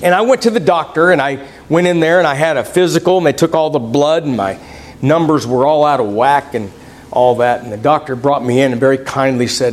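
A middle-aged man delivers a folksy sermon at a fairly quick clip, reading scripture aloud and sharing personal stories. His pitch swings widely from one point to the next, and a faint hiss or hum sits under the recording.

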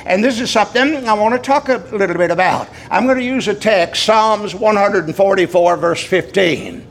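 An older preacher delivers his sermon in a high-pitched voice, unhurried and folksy, full of drawn-out pauses. A faint rumble sits underneath the recording. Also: gravelly. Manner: folksy storytelling, drawn-out pauses with many uh fillers.

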